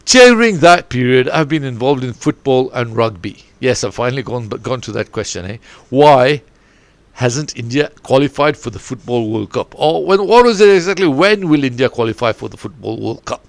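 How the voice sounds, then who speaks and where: A man's voice: mid-range voice, normal speed, no echo. A middle-aged man, a football coach, hosting a rambling solo podcast from his bedroom with no proper studio, wandering off topic and swearing mildly as he talks. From Zambia. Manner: digressive, animated, mildly swearing. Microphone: home setup, no studio.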